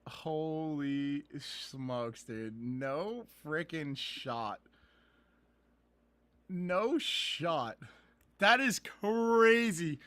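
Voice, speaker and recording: A young man hosting a live card-pack opening stream, talking to chat from a laptop mic and bursting into laughs and shouts. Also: on the high side, lively intonation, very slow. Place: indoors at a computer. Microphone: laptop camera mic.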